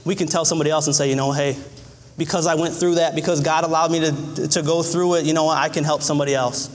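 A man preaches a sermon earnestly and fast, his intonation fairly even, with a long reverb tail trailing his words. He repeats phrases often and acts out cries in a high voice.

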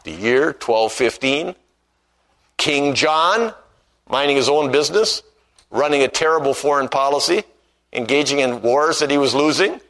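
A man's voice: a little high, a bit bright, rough recording. A man preaching a sermon who tells stories and acts out the voices he quotes, and reads scripture in old-fashioned wording.

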